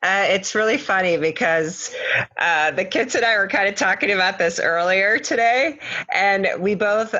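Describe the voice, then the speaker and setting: A woman's voice: mid-range voice, animated, normal speed, pushed and bright. A woman in her forties from the American Midwest, a charity guest speaking earnestly and laughing easily in a casual podcast chat. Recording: dull lo-fi audio.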